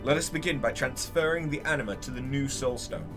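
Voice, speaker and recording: A man voicing a nervous, formal male scholar with a high, strained voice, over game music. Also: a little fast, natural voice. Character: anxious fussy male scholar, high-strung.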